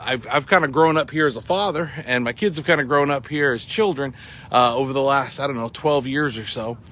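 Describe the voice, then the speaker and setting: A man's voice: medium pitch, a bit bright. A middle-aged man from Massachusetts, out of breath, hosting an upbeat, chatty live morning talk outdoors at a ball field. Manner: upbeat, chatty, many ums and uhs. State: sweating and out of breath. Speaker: real estate broker hosting a morning show.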